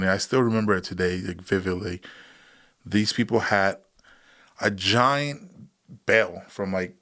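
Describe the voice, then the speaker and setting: A man in his thirties with a somewhat low voice, talking as a podcast guest. He tells his story in a loose, casual way, jumping into the voices of the people in it and laughing as he goes. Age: 30s. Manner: animated, acts out voices in his stories, laughs often. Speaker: guest, combat veteran.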